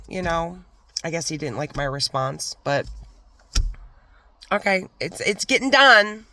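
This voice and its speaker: A woman's voice: lowish voice, lively intonation, unhurried, long pauses, bright, forceful tone, no echo. A woman vlogger telling a storytime rant about an old job, swinging between fired-up complaints and whispered asides.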